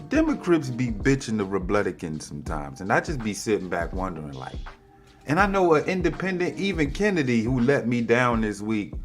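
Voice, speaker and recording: A man hosting a podcast, ranting heatedly and with lots of profanity, his voice jumping high in pitch to mock people. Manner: heated, profane, animated with big pitch swings. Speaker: podcast host. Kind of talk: opinionated political rant.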